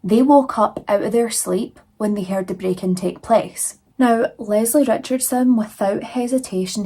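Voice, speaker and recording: This true crime host, a young adult woman, has a mid-range, dark voice with a breathy edge. She recounts the case casually and chattily, constantly dropping fillers like "like" and "you know."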